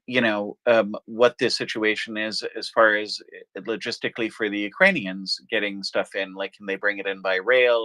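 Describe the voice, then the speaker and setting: A man hosting a casual online chat, asking questions hesitantly with many pauses to find his words. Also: on the low side, sharp tone, no echo, rough recording.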